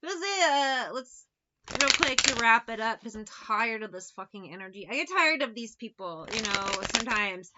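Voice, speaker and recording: A woman's voice: on the high side, lively intonation, normal speed, dull audio, very noisy. A woman giving a casual tarot reading, talking bluntly with plenty of swearing and sarcastic asides. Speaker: tarot reader.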